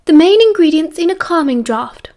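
A woman with a British accent voicing a bossy, exasperated teenage girl prefect who quizzes and scolds in a brisk, authoritative way. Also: sits high, lively intonation, a little mellow, pitched above the performer's own voice.

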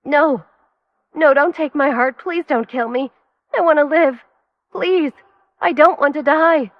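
A delirious young woman screams and begs in a shrill, pleading voice, as a woman puts her on. The sound is dull and lo-fi. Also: a little slow, dry recording. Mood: terrified. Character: terrified delirious young woman begging for life.

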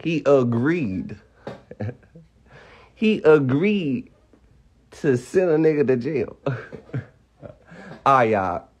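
A man's voice: medium pitch, lively intonation, extremely slow, long pauses, breathy edge. A young man ranting on a phone live stream, heated and profane, firing off rhetorical questions. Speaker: livestreamer.

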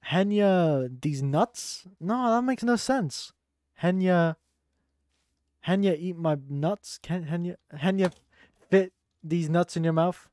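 Young adult male streamer, crude teasing banter, slightly higher voice, mildly sore throat, dry close mic. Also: a little slow, a little mellow, no echo. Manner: teasing, crude, laughing, reads chat aloud. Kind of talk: casual live-stream banter.

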